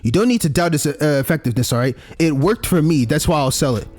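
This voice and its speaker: A man's voice: fairly high pitch, animated, fast talker, a little mellow, soft background music. A man reading a visual novel aloud, voicing a boastful, ruthless young female influencer in a sassy, condescending tone. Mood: dismissive.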